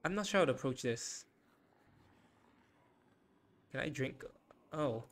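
A man's voice: mid-range voice, lively intonation, slow pace, slight background noise. A young man giving frantic gameplay commentary, panicking and repeating short phrases over and over. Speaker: gaming YouTuber.

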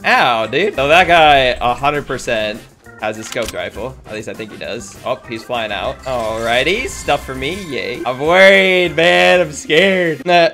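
A man giving live commentary on his own video game match, reacting loudly and talking to his opponents. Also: mid-range voice, a little slow, soft background music. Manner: excitable, jumpy reactions, talks to opponents. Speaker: gaming YouTuber.

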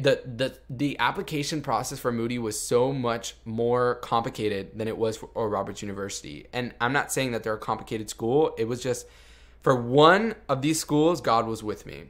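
A man's voice: medium pitch, moderate pace. Earnest young man telling a story. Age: young adult. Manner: earnest and confessional, heavy use of "like". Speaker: podcast host. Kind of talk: casual storytelling.

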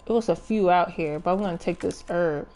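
A young adult woman telling a story with animated, profane energy and lots of restarts while she plays a game. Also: on the low side, fairly quick. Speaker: gaming streamer. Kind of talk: casual storytelling while playing.

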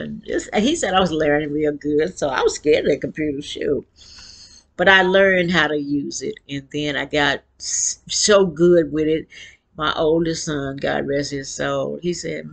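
Woman in her 60s, gravelly voice, frank earthy storyteller, casual personal chat. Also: deep voice, a little slow. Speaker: vlogger and author.

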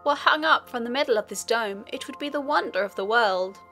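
A woman voicing a wicked male magician in disguise in a storybook reading, speaking in a smooth, flattering way. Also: fairly high pitch, a little fast, soft background music. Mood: scheming.

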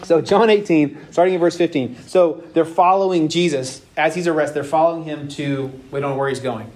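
A man teaching a casual Bible lesson to young adults, retelling the story with lively acted-out voices. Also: a little high, fairly quick. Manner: animated storytelling, acts out voices with laughs.

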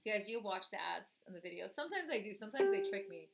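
A woman's voice: mid-range voice, fairly even intonation, fast talker, creaky. Woman reaction vlogger with a cold, casual and chatty, talks straight to viewers. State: has a cold.

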